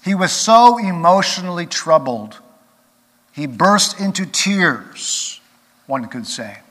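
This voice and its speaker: Slow, bright-voiced man preaching in a hall. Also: sits high, expressive. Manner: earnest, rising to emphatic peaks then dropping quiet. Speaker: pastor. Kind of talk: sermon. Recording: long reverb of a large hall.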